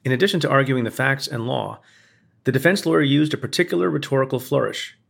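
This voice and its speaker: A man, a former prosecutor, reading a scripted opinion essay in a measured, pointed way with building emphasis. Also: medium pitch, vocal fry. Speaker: former prosecutor narrating commentary.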